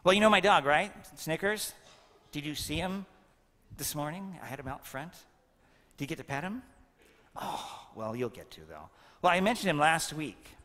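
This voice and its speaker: A man in his fifties preaching in a church with a long, ringing reverb, his voice fairly high and bright. He jokes and quizzes the children in a playful homily. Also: big pitch swings, moderate pace, pauses often. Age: 50s. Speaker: priest. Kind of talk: homily at a First Communion Mass.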